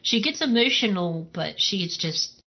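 A woman's voice: medium pitch, lively intonation, a little slow, husky. Woman, casual chat, dry humor and frequent swearing, muffled lo-fi sound. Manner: wry, joking, swears casually. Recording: dull lo-fi sound.

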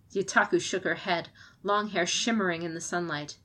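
A woman reading a fantasy novel aloud as audiobook narrator, in a steady storytelling manner. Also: on the low side, brisk. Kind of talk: scripted narration.

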